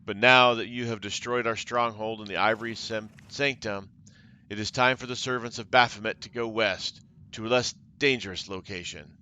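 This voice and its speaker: A man's voice: lowish voice, steady tone, normal speed, bright, forceful tone, slight background noise. A man voicing a cruel, taunting female cult leader while reading game dialogue aloud, with mocking theatrical delivery.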